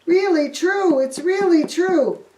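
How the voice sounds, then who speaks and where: A woman's voice: very high-pitched, slow pace, darkish tone, voice pushed up. Woman doing squealing, frantic disciples. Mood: pleading. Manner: squealing, pleading and overexcited. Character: excitable, frantic group of male disciples. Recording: echoey room, distant mic.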